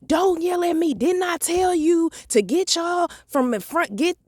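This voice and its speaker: A woman imitates a bossy restaurant manager who scolds and jabs his finger at people. The voice jumps well above her usual pitch and stays dry and close. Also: measured pace, no echo. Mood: scolding.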